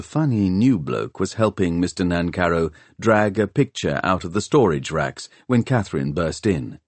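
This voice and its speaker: Expressive low-voiced male narrator. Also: moderate pace, hardly any pauses, dry recording. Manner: expressive storytelling. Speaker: audiobook narrator. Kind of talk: scripted narration.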